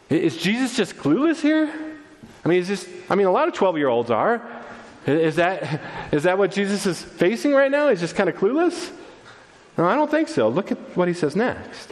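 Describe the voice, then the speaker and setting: A man preaching a sermon, animated and conversational, acting out quoted voices as he tells the story. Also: fairly high pitch, moderate pace, in a large hall. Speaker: pastor.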